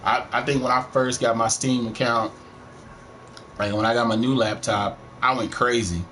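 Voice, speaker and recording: A middle-aged Texan man with a country twang talks over his gameplay in a loose, rambling way, swearing freely. His voice sits at an ordinary middle pitch. A faint hum of room noise runs underneath. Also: fairly even intonation, moderate pace, fairly bright tone. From Texas. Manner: rambling, profane, laid-back. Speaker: gaming streamer. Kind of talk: casual let's-play commentary. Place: home, live stream.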